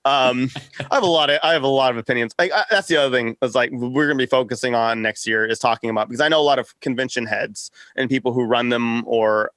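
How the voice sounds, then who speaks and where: A man in casual interview chat tells stories with animated energy. He acts out what people said and laughs often, at a medium pitch. The recording is close and dry. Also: dry recording. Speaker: podcast network founder, guest.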